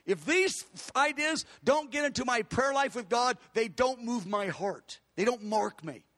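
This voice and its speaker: A man preaching a sermon with emphatic, repeated declarations, slowing down to stress key words. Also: very high-pitched, expressive, a bit bright, big-room sound.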